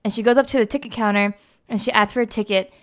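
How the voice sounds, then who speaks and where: A young woman recounts a story in a relaxed, chatty way, peppering it with fillers. Her voice is smooth and clear, sitting at an ordinary middle pitch. She talks like she is catching up with a friend. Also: fast talker. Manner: chatty, lots of "like" and "you know". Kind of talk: casual plot retelling.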